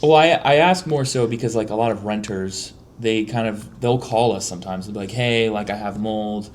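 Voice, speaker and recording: A man's voice: fairly low pitch, brisk. A man hosting a casual podcast talk, speaking emphatically with lots of restarts. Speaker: podcast host, mold remediator.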